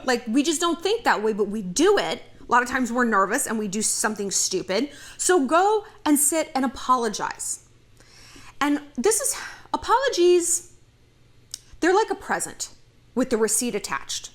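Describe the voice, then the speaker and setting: A woman's voice: fairly high pitch, moderate pace. A woman giving blunt relationship advice in a casual monologue, acting out bits of dialogue as she goes. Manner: animated, blunt, acts out dialogue.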